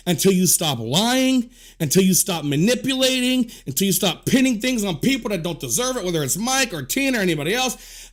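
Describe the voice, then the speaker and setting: A man delivering a heated, profanity-filled rant to camera, scolding and repeating himself. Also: high-pitched. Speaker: commentator.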